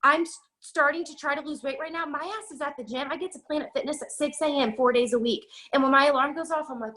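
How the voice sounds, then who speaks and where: A young woman who leads a network marketing team delivers a breathless, emphatic motivational talk over a video call. Her voice sits high with a sharp edge, and she preaches her pep talk fast and forcefully.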